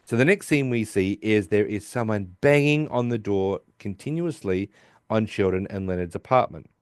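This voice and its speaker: A man's voice: on the low side, normal speed, smooth, no echo, studio quality. An Australian man hosting a podcast, recapping a TV episode in a loose, rambling chat and swearing casually. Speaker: podcast host.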